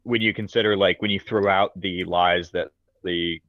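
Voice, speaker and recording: A man with a very low voice talks animatedly in a casual podcast discussion, laughing easily and thinking aloud. His mic sounds dry and a little dull. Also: steady tone, normal speed, no room sound.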